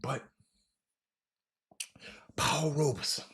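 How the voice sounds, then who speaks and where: A man hosting a casual history talk, animated, stumbling and repeating words as he addresses his listeners directly. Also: on the high side, very slow. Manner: animated, repeats words, talks to audience as y'all. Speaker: host.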